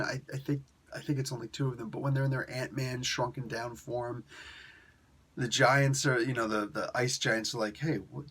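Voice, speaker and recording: A man's voice: medium pitch, a bit bright. A man giving a casual, rambling spoken review of a comic book, chuckling often and correcting himself as he goes. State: in pain.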